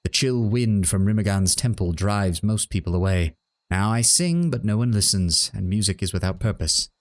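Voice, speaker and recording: A man's voice: lowish voice, expressive, moderate pace, natural voice. A man voicing a vain, silly small male Orlan singer while reading game dialogue aloud, in a sing-song, lecturing manner.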